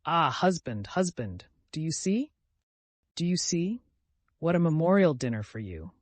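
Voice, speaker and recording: A man voicing a desperate, consumptive mother who pleads and accuses in shrill, hoarse outbursts. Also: sing-song, normal speed, dry recording. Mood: desperate pleading.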